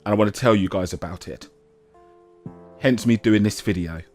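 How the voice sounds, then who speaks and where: A man giving casual, self-mocking commentary over a game he is playing, now and then breaking into a shout. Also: lowish voice, moderate pace, faint music behind. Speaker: gaming YouTuber.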